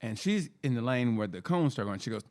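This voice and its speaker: A man in his fifties, co-hosting a comedy podcast, telling childhood stories in a profane, animated way with sound effects. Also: mid-range voice, a little fast. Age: 50s. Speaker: podcast co-host. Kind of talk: casual comedic storytelling.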